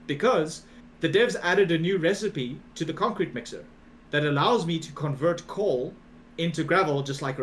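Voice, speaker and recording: A man co-hosting a gaming podcast in loose, profane chat that spikes into bursts of disbelief. His voice sits a little high. A faint hum runs underneath. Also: fairly bright tone. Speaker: podcast co-host.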